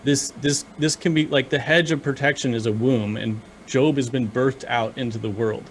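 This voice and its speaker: A man's voice: mid-range voice, steady tone, slight background noise. A man co-hosting a casual discussion, speaking earnestly and restarting his sentences often. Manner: earnest, halting with many restarts. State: choked up with emotion. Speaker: podcast co-host.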